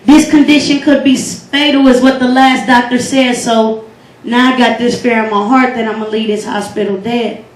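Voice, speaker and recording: Young woman, spoken word poet, high voice, echoey hall from afar. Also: fairly even intonation, normal speed, recorded from a distance. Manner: rhythmic, earnest and devotional delivery. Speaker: poetry slam host and poet. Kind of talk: spoken word poetry performance. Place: event hall.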